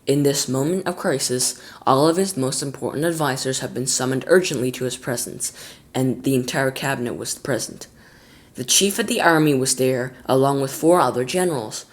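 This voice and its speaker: A man reading a children's book aloud as a storyteller, lively, with small slips and restarts. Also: medium pitch, moderate pace.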